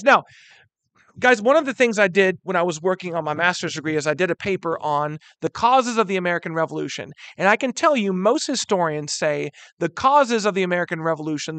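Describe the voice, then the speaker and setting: A man in his thirties teaching a history lesson, animated and chatty, often calling the students "guys". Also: high-pitched, no room sound. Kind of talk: classroom lecture.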